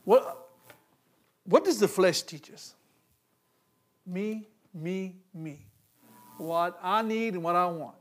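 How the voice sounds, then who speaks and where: A man preaching a sermon, swinging from loud, animated calls to hushed asides and laughing between points. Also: sits high, measured pace.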